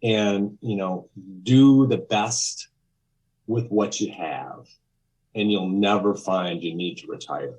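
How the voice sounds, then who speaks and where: A man in his fifties with a very low voice tells a story as a podcast guest. He rambles along in a candid, conversational way, restarting sentences and acting out what people said. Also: slow, darkish tone, low-quality recording. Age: 50s. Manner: rambling, with frequent restarts and acted-out quotes. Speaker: podcast guest, music photographer.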